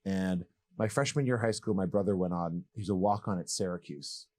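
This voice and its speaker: His voice sits low and moves fairly quickly. The former pro basketball player, a thirtysomething from Massachusetts, shares his story as a guest in a joking, candid, rambling and animated manner.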